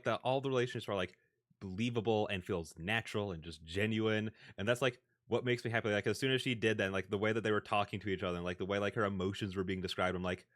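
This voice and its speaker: A man's voice: fairly low pitch, fairly bright tone. Rambling young man chatting on stream. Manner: rambling, filler-heavy, self-correcting. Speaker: livestreamer. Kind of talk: casual live-stream chat. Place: home desk setup. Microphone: desk microphone.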